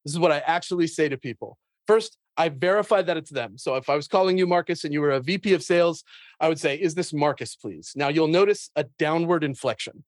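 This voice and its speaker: A man's voice: on the high side, quick pace, no echo, studio quality. A man who hosts a sales show, talking energetically in an interview, laughing often and acting out his cold-call lines. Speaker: sales podcast host and guest. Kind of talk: conversational interview.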